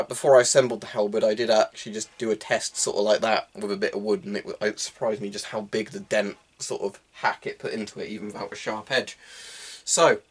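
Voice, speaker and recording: A man with a fairly low voice talks through his homemade project in a relaxed show-and-tell. He rambles a little and fills pauses with ums. He speaks indoors in a room at home. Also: slightly rough. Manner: rambling, chatty explaining with many ums. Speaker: hobbyist weapon maker. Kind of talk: casual show-and-tell vlog.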